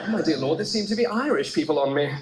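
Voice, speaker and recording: An Australian man performing stand-up in a large theatre, his fairly high voice bouncing around a roomy hall. He spins stories in an easy, chatty way, then jumps up with lively, animated punchlines. The live recording carries clear audience noise and reverb behind him. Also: fast talker. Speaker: stand-up comedian. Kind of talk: stand-up comedy routine.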